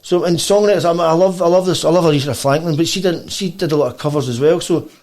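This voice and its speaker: Fast-talking Scottish man. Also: fairly high pitch. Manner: rambling, with lots of restarts; animated storytelling. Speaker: guest musician. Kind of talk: casual podcast chat.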